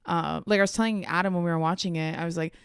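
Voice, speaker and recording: Low gravelly young woman chatting. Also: quick pace, no echo, studio quality. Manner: relaxed, filler-heavy, reads listener questions. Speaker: podcast co-host. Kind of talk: casual chat.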